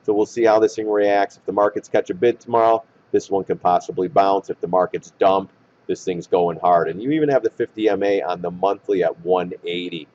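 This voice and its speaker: A man walking through stock charts in blunt trader slang, hoarse and losing his voice. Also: deep voice, fairly even intonation, a little fast, darkish tone, a little hiss or hum. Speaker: stock market commentator. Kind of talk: chart analysis talk. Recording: dull lo-fi recording.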